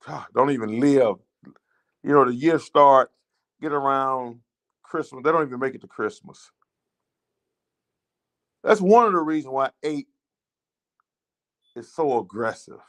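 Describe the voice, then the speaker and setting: A man's voice: mid-range voice, a little slow, long pauses, fairly bright tone. A man with a Southern American accent telling an emotional story as a show host, repetitive and rising with indignation. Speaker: teachers' association advocate hosting a show. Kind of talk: impassioned spoken monologue.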